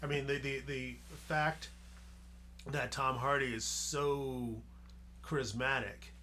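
A man co-hosting a casual podcast, building his points slowly and thoughtfully. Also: mid-range voice, fairly even intonation, sharp tone, a little hiss or hum. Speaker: podcast co-host. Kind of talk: casual group discussion.

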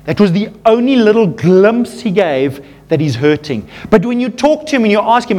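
A man preaching a sermon as pastor, earnest and animated, calling his listeners folks and dropping low and quiet at tender moments. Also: moderate pace, few pauses.

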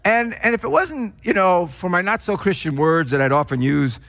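An older man from New Jersey delivers a sermon in a high, light voice. He leans hard on stressed words, then lets his phrases sink to quiet, drawn-out endings. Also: lively intonation, creaky. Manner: emphatic, swings between hushed drops and raised stresses. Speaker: pastor.

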